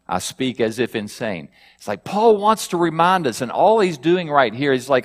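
A man's voice: medium pitch, big pitch swings, normal speed, hardly any pauses. Preaching man in a reverberant hall. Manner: reads scripture aloud with rising emphasis, asks the congregation questions. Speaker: pastor. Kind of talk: sermon.

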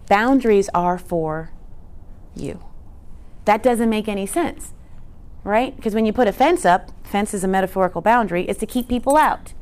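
A woman's voice: medium pitch, expressive, normal speed, a little mellow. A woman presenting a teaching talk in an earnest, conversational way, often asking rhetorical questions. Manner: conversational, frequent rhetorical "right?"; earnest, emphatic.

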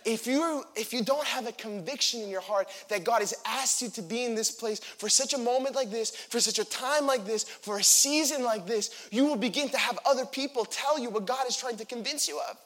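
Young male preacher, high voice, lively sermon delivery acting out scripture characters. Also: a little fast, hardly any pauses. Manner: animated, acts out the figures in quotes.

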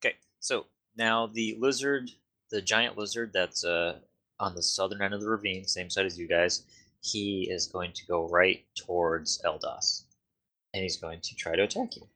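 A man as game master, narrating the scene and correcting players with quick repeated words. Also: sits low, fairly even intonation, pushed and bright. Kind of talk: running a tabletop game.

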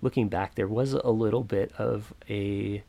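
Low gravelly young man telling his story. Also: fairly even intonation, mellow. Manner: reflective, halting, many fillers. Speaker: podcaster. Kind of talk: personal storytelling monologue.

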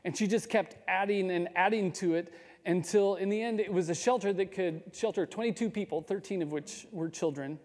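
A man telling a true story in a measured way, with small restarts and pauses. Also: high voice, darkish tone, in a large hall. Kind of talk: storytelling talk.

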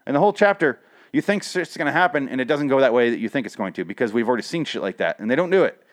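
A man hosts a casual, profane comic recap. He rants and swears freely in an animated way. His voice sits in a mid range. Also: mid-range voice, very fast.

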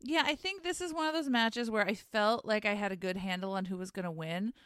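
On a clean studio recording with no echo, a woman with a medium-pitched, fairly bright, clear and resonant voice co-hosts a podcast. She recaps wrestling in a chatty, wry manner and laughs easily.

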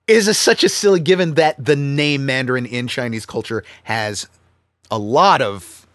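A man co-hosting a casual film-review chat, talking animatedly with quick restarts and acting out characters' lines. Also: mid-range voice, fairly bright tone, no room sound, studio quality. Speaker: podcast co-host.

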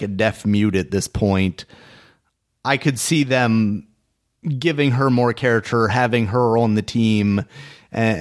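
Low-voiced man in casual chat. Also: creaky. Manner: relaxed, hedging with fillers. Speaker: podcast co-host.

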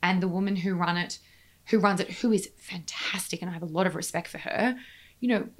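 Woman guest in a chat interview, earnest and emphatic, talks faster when she gets going. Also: on the low side. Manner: earnest, emphatic, speeds up when making a point. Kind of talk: conversational interview.

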